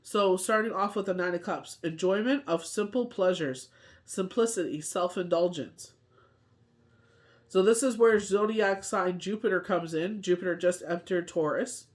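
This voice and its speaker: A woman's voice: lowish voice, normal speed. A woman with a cold, reading tarot cards in a rambling, chatty way and often asking whether the listener follows. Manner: rambling, chatty, constant "you know what I mean". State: has a cold, short on sleep. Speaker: tarot reader. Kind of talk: casual daily tarot reading.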